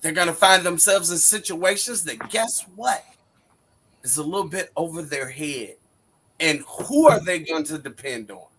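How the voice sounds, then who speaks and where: A man's voice: fairly high pitch, normal speed, a bit bright, slight background noise. A man in his forties on a wrestling panel, bantering dramatically and preaching in a mock-wounded tone.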